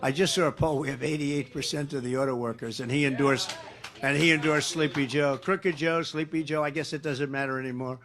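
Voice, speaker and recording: A man's voice: medium pitch, steady tone, brisk, a bit bright. An older man giving rambling, boastful off-the-cuff campaign remarks in a crowded room, repeating his phrases. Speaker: campaigning politician. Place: large indoor room with a crowd. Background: crowd noise.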